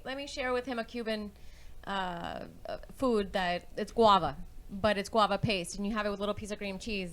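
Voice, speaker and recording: A woman guest on a talk show, soft-spoken and quick to laugh, in casual chat. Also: mid-range voice, poor audio.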